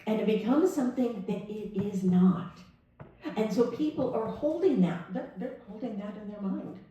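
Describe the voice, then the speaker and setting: A woman's voice: medium pitch, animated, moderate pace, dark tone. A woman minister giving a sermon, telling a personal story in a conversational way and acting out the dialogue. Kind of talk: sermon talk. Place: church sanctuary. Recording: echoey room from a distance.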